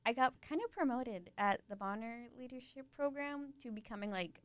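A woman's voice: on the high side, moderate pace, no echo. A young woman college student co-hosting a radio show, chatting casually with dry teasing humor. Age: young adult. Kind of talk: casual chat.

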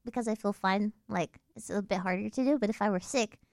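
A woman's voice: mid-range voice, brisk, vocal fry, a little mellow, no echo, studio quality. A young woman chatting casually, talking in loose runs full of fillers and laughing often. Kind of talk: casual chat.

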